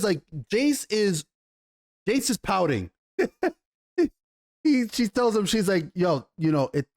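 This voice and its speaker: A man giving a casual, animated TV episode review in slangy talk, often repeating himself. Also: high-pitched. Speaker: TV show reviewer.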